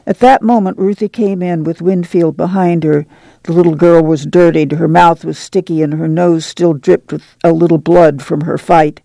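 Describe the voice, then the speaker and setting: Man reading a novel aloud, gravelly, mellow, dry close sound. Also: fairly high pitch, fairly even intonation, moderate pace, dry recording. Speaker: audiobook narrator. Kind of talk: scripted narration.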